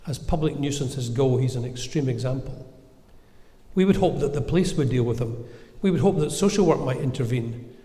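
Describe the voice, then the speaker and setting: A man preaching a sermon in a measured, gentle, earnest way, with reflective pauses. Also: medium pitch, expressive. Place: church. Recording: echoey church with long reverb.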